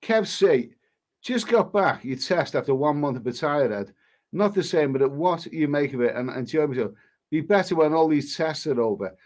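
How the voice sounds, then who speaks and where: A man with a somewhat higher-pitched voice, chatting casually on a live stream. He reads viewers' comments aloud and answers them in a halting, easygoing way, often restarting his sentences. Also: expressive, darkish tone. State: coughing now and then. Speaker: travel vlogger reading viewer comments.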